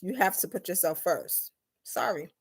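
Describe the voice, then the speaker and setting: A young woman chatting casually on a live stream, reading comments and acting out her mother's lines in a lively, talkative way. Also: lowish voice, vocal fry, breathy edge. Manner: lively, chatty, quick mood swings, acts out her mom's lines. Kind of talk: casual chat.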